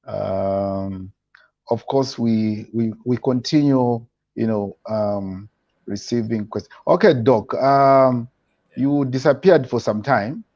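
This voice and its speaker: A man hosting a talk show, putting questions to his guest with many fillers and pauses. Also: medium pitch, darkish tone, dry recording, muffled recording. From Zambia.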